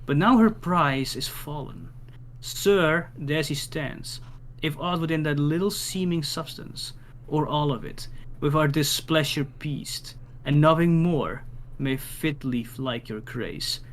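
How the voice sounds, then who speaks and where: Man reading a proud old raging king, slow declaimed verse, a bit high. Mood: wrathful.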